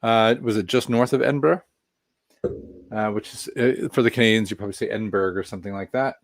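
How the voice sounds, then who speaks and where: Talking fast in a mid-range voice on a dry recording, this live streamer gives a casual craft beer review. He wanders off on tangents, pokes fun at himself, and reads comments from viewers.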